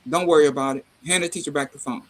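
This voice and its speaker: Animated high-voiced man telling stories. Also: very fast. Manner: animated storyteller, acts out dialogue, laughs, salty slang. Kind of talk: casual chat.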